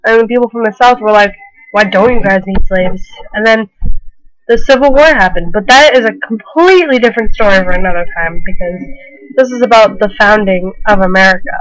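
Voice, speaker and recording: A young woman rambles through a comedic, tipsy retelling of history, piling on fillers and casual slang as she goes. Her pitch sits in a middling range, neither high nor low. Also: a little fast, rough recording. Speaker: comedic narrator.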